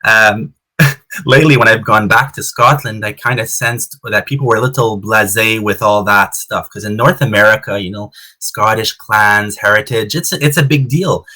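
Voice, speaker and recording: A man's voice: on the low side, moderate pace, sharp tone. A man chatting as an interview guest over a video call, telling stories with easy laughs and repeated words. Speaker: interview guest, clan society founder. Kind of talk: casual storytelling interview. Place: home in Canada.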